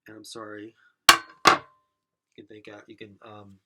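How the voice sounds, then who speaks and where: A man's voice: on the low side, completely flat delivery, measured pace, heavy background noise. A man hosting a silly podcast alone, rambling absurdly and talking to an imagined audience. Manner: absurd, self-mocking, talks to imagined audience. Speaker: podcast host. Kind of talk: rambling comedic monologue.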